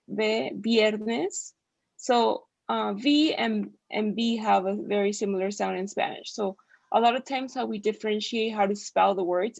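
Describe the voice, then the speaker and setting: A woman's voice: mid-range voice, vocal fry, no echo. A young woman teaching a casual online Spanish lesson over a video call, filling her speech with "like" and "um". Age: young adult. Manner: many fillers like "like" and "um". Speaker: student Spanish tutor.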